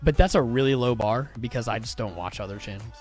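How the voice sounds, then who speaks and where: A young man hosting a casual livestream, chatting with viewers in an excitable, informal way. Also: medium pitch, fast talker, faint music behind. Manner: animated, swearing, informal and excitable. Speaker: crypto livestream host. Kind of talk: casual livestream chat reading viewer comments.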